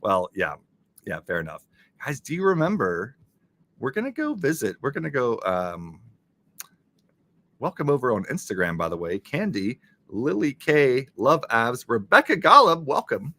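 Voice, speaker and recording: A man hosting a casual live stream, reading chat and thanking viewers in an excitable way. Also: mid-range voice, moderate pace.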